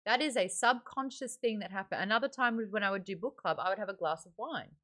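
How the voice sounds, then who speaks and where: A woman's voice: medium pitch, quick pace, a bit bright. An Australian woman hosting a live-streamed book club, chatting candidly with lots of fillers. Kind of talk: casual live-stream chat.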